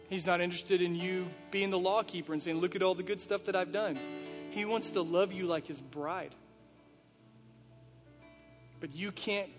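A man preaching a sermon as a pastor, speaking earnestly straight to his listeners with a run of rhetorical questions. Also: high-pitched. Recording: reverberant hall with faint music.

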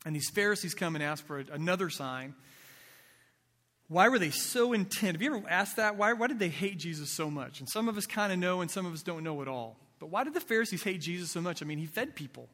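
A man's voice: high-pitched, animated, fast, fairly bright tone. A male pastor preaching a sermon in a conversational way, asking his listeners rhetorical questions. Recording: long reverb of a large hall.

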